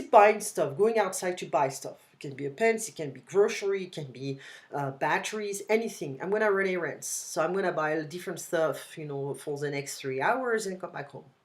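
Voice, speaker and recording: A woman with a French accent gives a casual one-on-one lesson over a video call. Her voice sits deep for a woman, and she lays out each point patiently, repeating example phrases one after another. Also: lively intonation, moderate pace. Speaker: language tutor.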